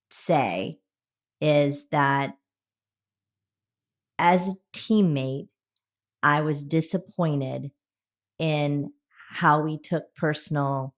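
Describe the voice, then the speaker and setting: A woman co-hosting a podcast in casual conversation, earnestly giving practical advice on teamwork. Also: low-pitched. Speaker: podcast co-host.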